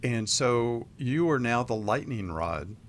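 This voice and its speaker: A man co-hosting a call-in advice show, counseling a caller in a measured way. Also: mid-range voice, lively intonation, slight background noise. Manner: measured, advising. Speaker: co-host counselor. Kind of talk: radio advice talk.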